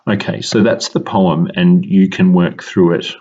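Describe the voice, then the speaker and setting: Low husky male teacher explaining poetry. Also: steady tone, warm tone, dull audio. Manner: measured explanation with frequent ums. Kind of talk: recorded lesson.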